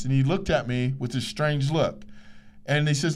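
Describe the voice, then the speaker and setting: A man's voice: mid-range voice, normal speed. A man hosting a motivational podcast, telling a story and acting out the dialogue. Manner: animated, acts out quoted dialogue. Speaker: podcast host, sports psychologist.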